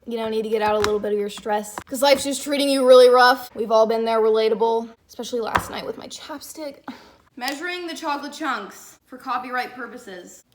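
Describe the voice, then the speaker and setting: A woman's voice: fairly high pitch, background noise. A woman vlogging in her home kitchen as she bakes, rambling chattily with jokey asides. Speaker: cooking vlogger. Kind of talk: casual cooking vlog. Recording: echoey kitchen recording.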